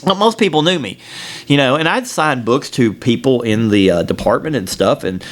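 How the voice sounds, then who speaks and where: Animated, laughing male podcast host. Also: mid-range voice, normal speed. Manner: animated, laughs often while telling a story; rambling, with many restarts. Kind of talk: casual storytelling chat.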